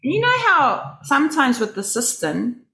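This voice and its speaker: A woman hosts a relaxed interview. She tells stories with animated delivery, jumping up in pitch to act out quoted voices. Her voice sits in a roomy, echoey space. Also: normal speed, a little hiss or hum. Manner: animated storyteller, acts out quoted voices with big pitch jumps. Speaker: host. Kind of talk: storytelling in a casual interview. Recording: roomy echo.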